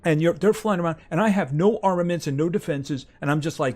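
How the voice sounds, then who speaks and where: A man's voice: a little high, fast, darkish tone. A man streaming a farming game live, chatting casually with his viewers as he plays. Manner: chatty, talks to game animals and reads chat aloud.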